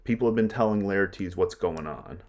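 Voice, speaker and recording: A male teacher with a low voice explains a play in a loose, casual way. He paraphrases old lines into everyday talk, plainly and without fuss. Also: normal speed.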